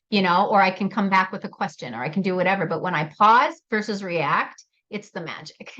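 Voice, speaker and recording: A woman's voice: lowish voice, a bit bright, highs cut off. A woman hosting a leadership workshop, talking animatedly, laughing often and speaking to attendees by name. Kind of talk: live workshop talk.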